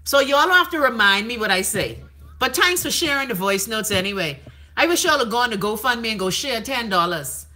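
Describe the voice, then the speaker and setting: A woman hosting a casual live stream, reading viewer comments aloud in a brash, profane, gossipy way, with sudden dramatic jumps in pitch. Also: animated, brisk, sharp tone.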